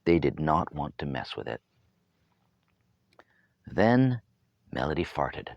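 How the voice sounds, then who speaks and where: Deep-voiced guy reading his own storybook, very animated, wry jokes thrown in. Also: slow, gravelly, pauses often, no room sound. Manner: wry, humorous asides. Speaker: author reading his novel. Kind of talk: storybook narration.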